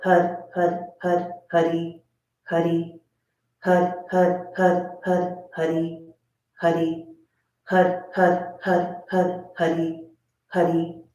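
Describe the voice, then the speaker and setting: A woman yoga teacher talks through a meditation at a slow, relaxed pace, pausing often with soft ums. Her voice sits at a middle pitch. It is recorded from a distance in a strongly echoing room, with a faint hiss underneath. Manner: unhurried, with frequent ums and pauses. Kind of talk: instructional meditation talk.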